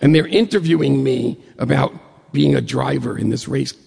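A man from New York State telling a personal story to an audience in a lively way, acting out the dialogue as he goes. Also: medium pitch, normal speed, creaky, breathy edge, big-room sound.

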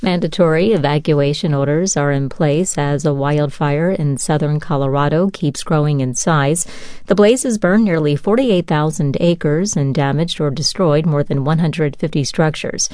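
A woman newscaster with a low voice reads a bulletin in a crisp, even manner. The studio sound is close and dry. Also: normal speed, dry recording. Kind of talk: scripted news read. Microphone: studio microphone.

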